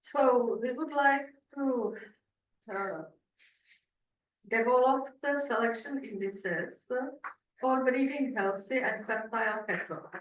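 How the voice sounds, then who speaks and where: Halting woman in echoey room. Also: mid-range voice, a bit bright. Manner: halting, many "uh" fillers and restarts. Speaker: researcher presenting at a seminar. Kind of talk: conference talk. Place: lecture room. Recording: echoey lecture room, distant mic.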